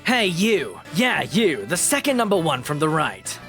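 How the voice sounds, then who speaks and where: A man voicing a stern male investigator boss in a video game, in a low, commanding tone. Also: sing-song, a little slow, pushed and bright, faint music behind, heavily acted. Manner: commanding, clipped.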